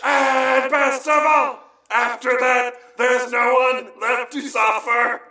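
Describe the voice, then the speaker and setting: A man co-hosting a comedy podcast, joking loudly with frequent laughter. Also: extremely high pitch, little pitch movement, slow, very echoey. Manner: laughing, loud, joking, mock-announcer bits. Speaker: podcast co-host.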